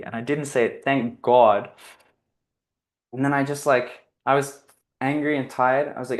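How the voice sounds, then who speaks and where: A man's voice: mid-range voice, steady tone, moderate pace. A man giving a casual, reflective spiritual talk, telling a personal story in an earnest, rambling way, often restarting his sentences and leaning on "like". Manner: earnest, rambling, self-correcting, heavy use of "like". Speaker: guest speaker on spiritual living.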